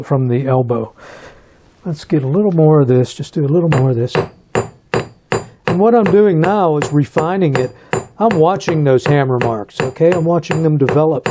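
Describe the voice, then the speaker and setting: Man, metalsmith instructor, hands-on demo, halting, repeats himself while working, mellow. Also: medium pitch, a little hiss or hum. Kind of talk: hands-on demonstration.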